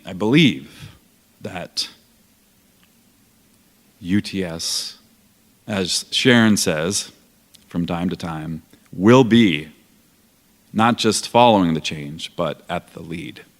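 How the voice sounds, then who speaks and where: Deep-voiced man in a reverberant hall. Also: slow pace, long pauses. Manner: earnest, reflective, with restarts. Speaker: panel speaker. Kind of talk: panel talk.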